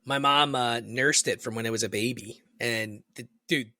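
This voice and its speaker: Bright-voiced, animated man in casual chat. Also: moderate pace, no echo, studio quality. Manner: animated storyteller, swearing, jumps high in pitch to mimic voices. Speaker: podcast co-host.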